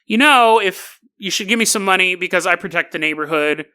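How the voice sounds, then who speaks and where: A podcast host voicing a smooth-talking neighborhood racketeer who makes a veiled threat in a mock-polite way. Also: medium pitch, fairly quick, bright, forceful tone, natural voice. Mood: wheedling. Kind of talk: podcast quote impression.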